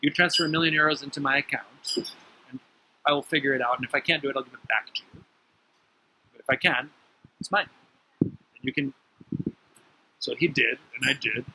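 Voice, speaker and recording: A man telling stories in a motivational talk about the mind, emphatic, with sudden lively jumps in pitch. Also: a little fast, long pauses, a little hiss or hum, low-quality recording. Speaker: spiritual teacher.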